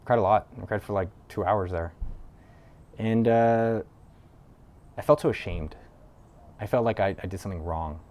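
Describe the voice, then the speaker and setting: Host, male, slightly low voice, telling a raw personal story in a casual, rambling way. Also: moderate pace, pauses often, a little mellow. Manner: loose and conversational, with frequent "like" fillers and casual swearing. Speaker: entrepreneur video host. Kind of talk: candid personal storytelling to camera.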